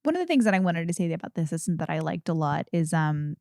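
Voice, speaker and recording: A woman co-hosting a casual film discussion podcast, animated and quick to act out scenes in playful voices. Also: low-pitched, gravelly, no room sound, studio quality. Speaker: podcast co-host.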